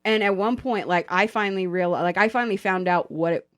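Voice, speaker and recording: A woman's voice: mid-range voice, fast talker. A woman hosting a podcast, telling stories in casual chat with plenty of swearing. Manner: animated, profane storytelling. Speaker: podcast host.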